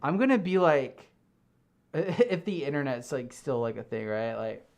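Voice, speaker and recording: A live streamer in a fursuit chats from a home streaming room, reading comments from the chat. The voice is mid-range, very animated, unhurried and a little mellow, rambling and giggly with plenty of fillers.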